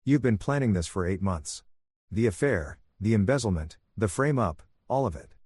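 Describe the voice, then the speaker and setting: A man voicing a betrayed husband who speaks with calm, controlled menace, in a dry, close recording. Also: on the low side, moderate pace, slightly rough, no room sound. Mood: cold. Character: cold, vengeful betrayed husband, adult man.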